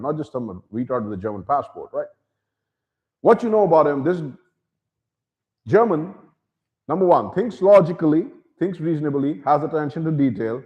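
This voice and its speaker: A man's voice: a little high, muffled recording. Man ranting with a swooping voice. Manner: animated, slips into mocking voices, calls himself by name. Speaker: channel host. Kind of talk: opinion monologue.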